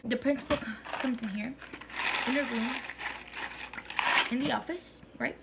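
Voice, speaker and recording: A woman's voice: on the high side, measured pace, gravelly, very noisy. A young woman telling a casual storytime on her vlog, chatty, slangy and swearing freely. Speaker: vlogger.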